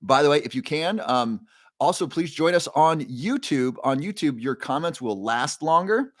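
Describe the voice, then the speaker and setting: A man with a fairly high, animated voice hosts a casual livestream at a moderate pace, greeting viewers by name cheerfully and reading comments aloud with frequent fillers. The new microphone delivers clean studio sound with no room sound.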